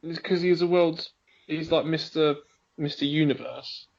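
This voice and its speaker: A man's voice: a little high, fairly even intonation, measured pace, highs cut off. Rambling man telling stories casually. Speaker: podcast co-host. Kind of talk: casual chat.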